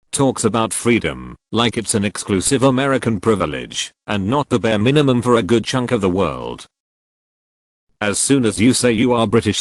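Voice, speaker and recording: A man's voice: on the low side, dry recording. A man narrating, reading out a list of online comments. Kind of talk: scripted narration.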